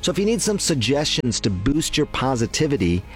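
A man's voice: mid-range voice, sing-song, fairly quick. Encouraging male doctor hosting a health segment.

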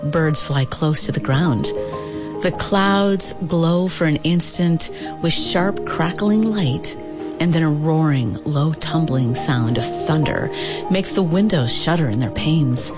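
A woman reading a children's picture book aloud with expressive, lilting storytelling. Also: low voice, takes it slowly, music in the background. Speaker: storybook reader.

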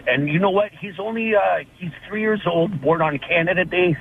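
A man's voice: sits high, moderate pace, hardly any pauses, husky. A man calling in to a radio show, talking in a heartfelt, rambling, emotional way. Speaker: caller. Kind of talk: phone-in call. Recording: tinny phone line with faint noise.

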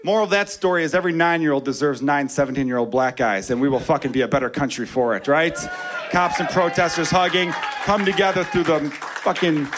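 A man telling a story in a stand-up comedy set, profane, animated and wry. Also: fairly high pitch, brisk, a crowd in the background, background noise.

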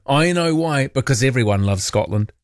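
A man's voice: mid-range voice, expressive, normal speed, no room sound. A male late-night radio host, chatty and opinionated, tossing off sarcastic asides. He speaks close to the studio mic, so his voice sounds dry and direct. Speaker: radio talk show host.

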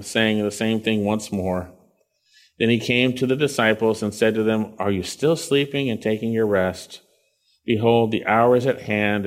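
Earnest male preacher reading scripture. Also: lowish voice. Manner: earnest, swells loud on key phrases then drops quiet. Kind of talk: expository sermon with scripture reading.

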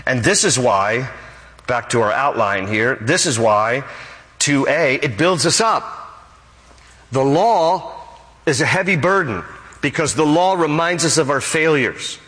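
A man's voice: medium pitch, animated, measured pace, fairly bright tone. A male pastor preaching a sermon in an emphatic, repetitive style. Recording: echoey church hall.

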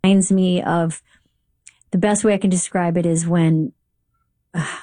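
A woman's voice: fairly low pitch, steady tone, measured pace, warm tone, dry recording. A woman speaking earnestly and gushingly in a played talk show clip. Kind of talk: heartfelt talk show speech.

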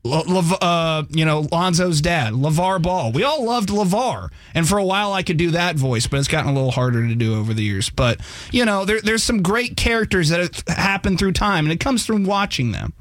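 A man's voice: high voice, lively intonation, a little fast, no room sound. A man co-hosting a sports radio show, rambling and joking in casual banter, restarting his sentences often.

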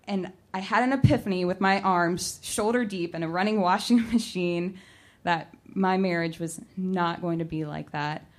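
A young adult woman telling a personal story, animated and acting out her own shouting. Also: fairly low pitch, moderate pace. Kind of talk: personal story told to an audience.

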